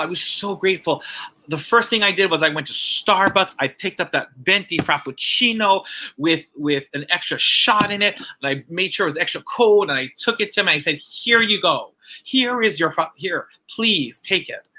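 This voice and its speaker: A man's voice: high voice, expressive, moderate pace, bright, forceful tone. A man giving a personal testimony at a church ceremony, telling a story with repeated phrases and acted-out quotes.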